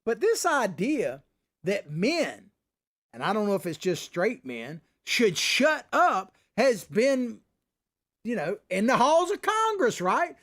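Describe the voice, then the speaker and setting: Middle-aged male host, high voice that swings all over, folksy and combative. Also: very animated, slow, a bit bright. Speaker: commentary show host. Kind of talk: opinionated political commentary.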